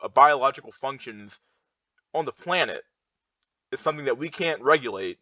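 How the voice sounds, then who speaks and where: A man's voice: medium pitch, animated, normal speed, bright, forceful tone, dry recording. A young man in a heated, rambling rant, full of fillers and restarts. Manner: heated, repetitive, filler-heavy with many restarts. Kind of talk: ranting monologue reacting to charts. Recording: dull lo-fi dry sound.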